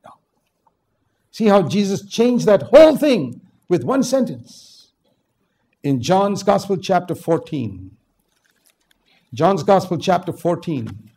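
Emphatic older preacher from India, mellow voice. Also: male voice, sing-song, slow pace, gravelly, pauses often, husky. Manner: emphatic, swings from low asides to loud exhortation. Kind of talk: sermon.

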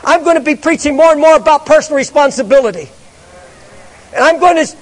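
A man preaching a fervent, pleading sermon, repeating himself as he presses his point. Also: very high voice. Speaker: pastor. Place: large church with balcony. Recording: reverberant church sanctuary.

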